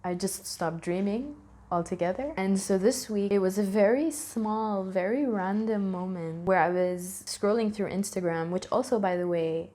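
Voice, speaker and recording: A woman's voice: mid-range voice, normal speed, mellow. A young adult woman talking casually to camera in a vlog, candid and rambling, correcting herself and laughing often. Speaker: vlogger. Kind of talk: casual reflective talk to camera.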